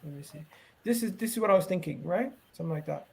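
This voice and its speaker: High-voiced man hosting football chat. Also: quick pace, gravelly, breathy edge. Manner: animated, talks over others, asks the audience to engage. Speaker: podcast host.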